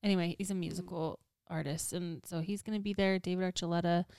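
A woman co-hosting a podcast in casual chat, excitable and quick with blunt jokes. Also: fairly low pitch, smooth, no room sound, studio quality. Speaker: podcast co-host.

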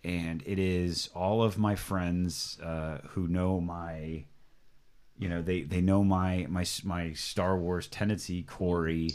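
A man's voice: sits low, level tone, takes it slowly, darkish tone, clear, resonant tone. A middle-aged man hosting a casual chat, talking emphatically, swearing freely and restarting his sentences often. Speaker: podcast host.

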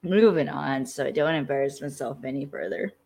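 A woman's voice: a bass voice, brisk, vocal fry, a little mellow, breathy edge. A woman co-hosting a casual podcast, recapping an episode with wry asides. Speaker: podcast co-host.

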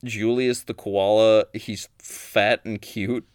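A man's voice: on the low side, level tone, takes it slowly, darkish tone, no echo, studio quality. A man co-hosting a podcast, reviewing a game in casual chat, laid-back and casually swearing. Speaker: podcast co-host.

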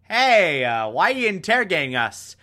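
A man's voice: sits high, very animated, moderate pace, sharp tone, exaggerated voice. A man quoting a stammering, cornered spy. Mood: nervous. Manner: nervous, stammering. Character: grown man, a cornered spy talking his way out.

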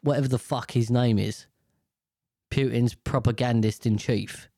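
A man's voice: medium pitch, fairly even intonation, measured pace, dark tone, no echo, studio quality. A British man from the UK in a casual, rambling monologue, swearing freely and airing strong opinions. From United Kingdom.

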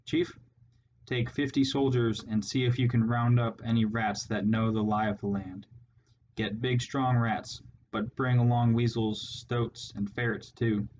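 A man's voice: medium pitch, little pitch movement, unhurried, a little mellow, highs cut off, slight background noise, close to an everyday voice. A man voicing a harsh, scarred male rat warlord who snarls his orders with contempt, in a storybook reading. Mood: snarling, commanding.

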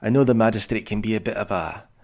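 A man's voice: on the low side, fast, darkish tone, close to an everyday voice. A man voicing an older male dwarf official who sounds tired and placating, like a worn-out bureaucrat. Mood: weary, wry.

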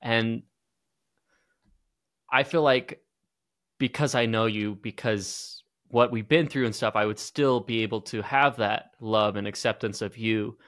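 A man's voice: lowish voice, unhurried, fairly bright tone. A man co-hosting a podcast, working through his ideas hesitantly and restarting his sentences. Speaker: podcast co-host. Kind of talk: casual podcast talk.

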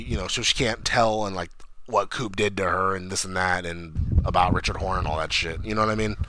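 A man in casual chat, excitedly retelling a TV episode, swearing and rambling. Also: on the low side, background noise.

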